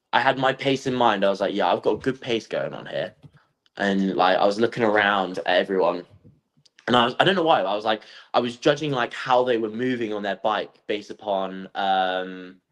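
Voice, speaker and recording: A young man, a guest athlete, chatting casually and telling animated stories with lots of ums and likes. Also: on the low side, moderate pace, poor audio. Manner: animated storytelling, acts out quotes; lots of fillers like um and like. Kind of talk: casual podcast chat.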